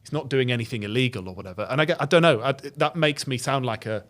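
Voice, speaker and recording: A man's voice: medium pitch, fairly bright tone. Male comedian, opinionated and argumentative, podcast guest. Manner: opinionated, argumentative, quick to jump in. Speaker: comedy duo member, guest. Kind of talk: casual podcast chat.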